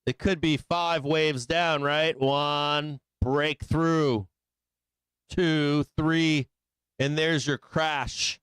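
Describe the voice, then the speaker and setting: A man's voice: on the high side, fairly even intonation, extremely slow, fairly bright tone, smooth, no echo. A man hosting a live trading show, talking casually through chart analysis and tossing out rhetorical tag questions. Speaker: host.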